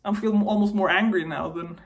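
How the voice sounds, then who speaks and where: A woman's voice: medium pitch, fairly even intonation, a little fast. Upset young woman venting to camera. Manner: upset, venting, voice wavering between anger and tears. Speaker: vlogger. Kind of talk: emotional personal vlog.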